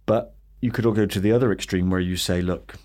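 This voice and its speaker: A man's voice: lowish voice, fairly even intonation, fast talker, darkish tone. A man being interviewed as an education leader, speaking in a reflective, anecdotal way. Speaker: school trust leader, guest. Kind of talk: conversational interview.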